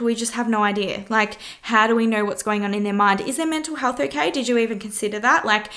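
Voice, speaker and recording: A woman's voice: medium pitch, fairly bright tone. A woman hosting her podcast, giving frank relationship advice in a casual monologue, swearing freely and asking rhetorical questions. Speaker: podcast host.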